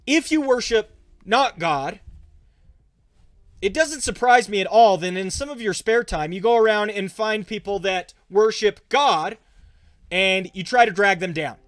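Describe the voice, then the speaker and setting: A man's voice: high-pitched, unhurried, a bit bright, no echo, clean studio sound. A young man, a pastor, talking casually on a livestream and answering viewers' chat questions as he goes. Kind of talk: livestream Q&A talk.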